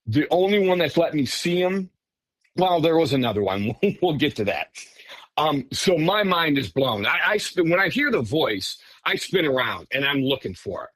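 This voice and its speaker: A man telling his own story as a podcast guest in a casual, animated way, often breaking off and restarting. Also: fairly high pitch, no room sound. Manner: animated, self-interrupting, says "frickin'". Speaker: podcast guest recounting encounters.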